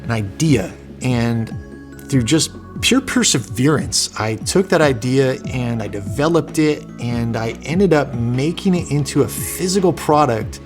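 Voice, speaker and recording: A man's voice: medium pitch, expressive, unhurried, soft background music. A man in his thirties telling a personal story in an earnest, emotional way, with many fillers and restarts. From Southern California. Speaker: vlogger, inventor.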